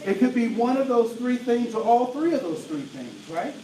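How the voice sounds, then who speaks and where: Energetic man speaking in a roomy hall. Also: very high voice, moderate pace, a crowd in the background. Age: 40s. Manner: energetic, rhetorical, frequent "right?" checks. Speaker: diversity trainer. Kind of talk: keynote talk to an audience. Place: large room with an audience. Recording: roomy echo, voice from a distance, faint noise.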